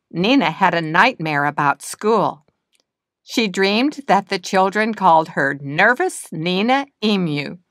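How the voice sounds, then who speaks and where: A woman reading a children's picture book aloud in a slow, expressive, sing-song way. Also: lowish voice, no echo, studio quality. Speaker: storybook reader. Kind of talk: children's storybook narration.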